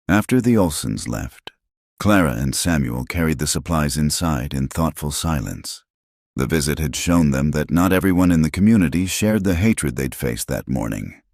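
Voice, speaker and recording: A man with an extremely deep voice narrates a western tale in a steady, scripted storybook style. The sound is close and dry, with no room around it. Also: normal speed, gravelly, no echo.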